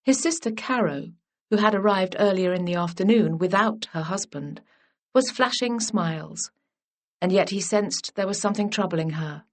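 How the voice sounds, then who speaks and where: A woman reading a historical romance as scripted narration in an even, measured way. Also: mid-range voice. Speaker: audiobook narrator.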